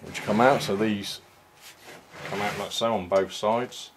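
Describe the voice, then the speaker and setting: Faint room hiss underlies a relaxed show-and-tell from a male toy reviewer with a fairly low voice. Taking his time, he stumbles through the casual product walkthrough, restarting often and saying um a lot.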